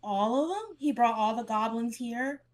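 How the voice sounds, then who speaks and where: A woman's voice: a little high, animated, moderate pace. A woman playing a tabletop game, casual and asking questions. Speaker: player.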